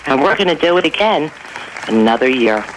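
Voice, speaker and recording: A woman's voice: low-pitched, expressive, fairly quick, some chatter behind, a little hiss or hum, low-quality recording. A woman hosting a radio show in casual chat, telling corny jokes and laughing often. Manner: jokey, laughs often, chatty.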